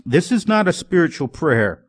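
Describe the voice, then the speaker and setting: A man's voice: on the high side, very animated, normal speed, husky. A man preaching a sermon, emphatic and piling up strong words for effect.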